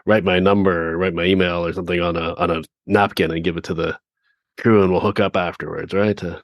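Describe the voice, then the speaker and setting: A man with a low voice co-hosts a relaxed podcast chat. He mostly answers briefly in agreement and adds easy comments. The sound is dry and close. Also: a little fast, dry recording. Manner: short agreeing replies, relaxed. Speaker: podcast co-host. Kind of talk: casual chat.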